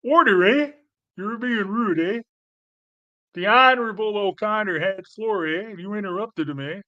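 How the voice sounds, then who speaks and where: A man's voice: high-pitched, unhurried, highs cut off, pitched above the performer's own voice. A man mimicking a fussy, overly polite male parliament speaker, scolding members with a tag on every phrase. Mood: mock scolding.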